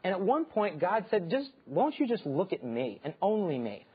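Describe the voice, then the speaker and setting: A man in his thirties, hosting an inspirational talk show, telling lively stories and acting out the voices in them. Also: high-pitched, moderate pace, slightly rough. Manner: animated storyteller acting out quoted voices. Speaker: host and speaker. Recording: dull lo-fi sound.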